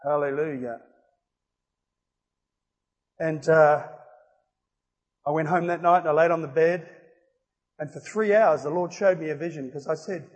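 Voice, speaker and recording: A man preaching an evangelistic sermon, emphatic and rising to loud exclamations. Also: on the high side, unhurried, long pauses. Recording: reverberant hall.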